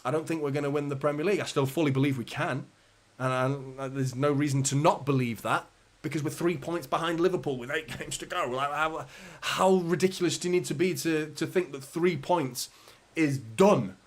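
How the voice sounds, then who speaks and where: A man's voice: on the high side, fairly even intonation, fairly quick. A man from England hosts a live football fan stream, chatting straight into a streaming mic. He reads viewers' comments aloud and answers them in a loose, defensive, conversational way. He swears casually and laughs between his points. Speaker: football fan channel host. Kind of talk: live stream chat reading.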